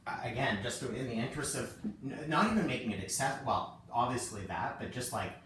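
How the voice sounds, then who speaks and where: A man's voice: mid-range voice, expressive, brisk, a bit bright. A man teaching a casual live-streamed yoga class, chatty and joking at himself as he cues poses. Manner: chatty and self-joking, laughs often. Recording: echoey room, distant mic, faint noise.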